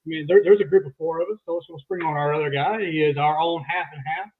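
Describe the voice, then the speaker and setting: A man's voice: on the high side, quick pace, over a noisy crowd. A man hosting a live show, talking hesitantly with stumbles and fillers. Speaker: host. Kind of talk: casual live show banter. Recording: tinny phone-like line.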